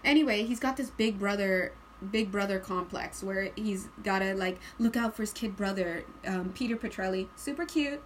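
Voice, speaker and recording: A woman's voice: mid-range voice, moderate pace, a little hiss or hum. A woman giving a casual tarot reading, chatty and giggly, sometimes sighing in put-on voices. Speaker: tarot reader.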